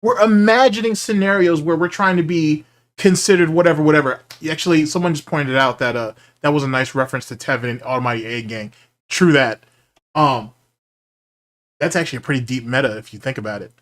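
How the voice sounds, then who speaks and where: A man's voice: fairly high pitch, brisk, fairly bright tone. A man hosting a livestream podcast, mocking a clip and reacting to chat in casual, sarcastic commentary. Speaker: podcast host.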